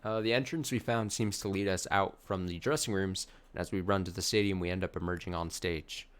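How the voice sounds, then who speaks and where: A man's voice: sits low, steady tone, brisk. A man streaming a video game, reading the dialogue aloud with sarcastic, laughing asides. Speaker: let's play streamer.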